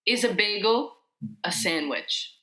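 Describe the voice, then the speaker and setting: Bright, animated woman hosting an interview. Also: takes it slowly, rough recording. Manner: teasing, emphatic, big pitch swings. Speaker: host. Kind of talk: playful interview in a put-on Jewish mom character.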